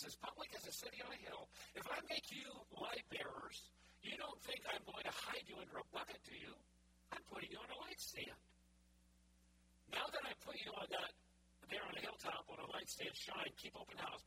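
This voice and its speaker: A pastor preaching a sermon in a soft, breathy way that often drops close to a whisper. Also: medium pitch. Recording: noisy recording with a hum.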